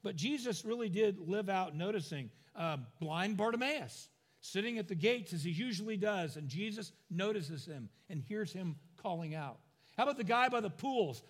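A man's voice: sits high, animated, moderate pace, long reverb tail. A middle-aged man preaching a sermon, telling stories with humorous asides and acting out the quoted lines. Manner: acts out quoted lines in voices. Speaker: pastor.

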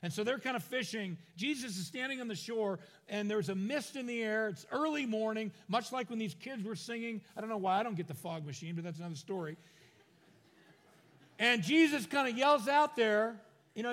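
A man's voice: sits high, moderate pace, fairly bright tone, big-room sound. A middle-aged man preaching a sermon, telling stories with humorous asides and acting out the quoted lines. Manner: acts out quoted lines in voices. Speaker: pastor.

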